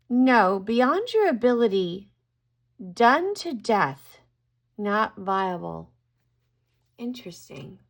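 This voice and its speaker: A middle-aged woman giving a casual tarot card reading to camera, musing aloud and exclaiming at what she draws. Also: a little high.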